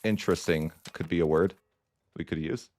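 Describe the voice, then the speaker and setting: A man's voice: low-pitched, moderate pace, darkish tone, no room sound. A man giving casual commentary over a strategy game, wry and mock-dramatic as he grumbles about his bad luck. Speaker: gaming YouTuber.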